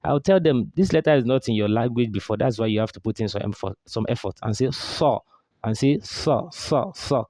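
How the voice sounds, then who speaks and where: A man teaching Quran recitation, drilling throat sounds slowly with exaggerated demonstrations and quizzing his listeners as he goes. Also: mid-range voice, mellow, no room sound, clean studio sound. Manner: drills sounds slowly, asks and answers his own questions. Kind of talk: pronunciation lesson.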